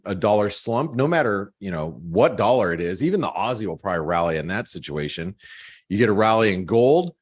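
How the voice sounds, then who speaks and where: A man with a lowish voice talks through market charts in a loose, rambling way. He fills his sentences with fillers and restarts, and chuckles at his own jokes. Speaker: market analyst on a trading webinar. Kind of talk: casual chat walking through charts.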